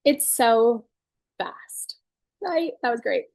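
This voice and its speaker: A woman's voice: a little high, slow pace, a little mellow, dry recording. A woman leading a guided tapping session and teaching casually, earnest and upbeat, often saying "like" and "right?". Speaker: EFT tapping coach.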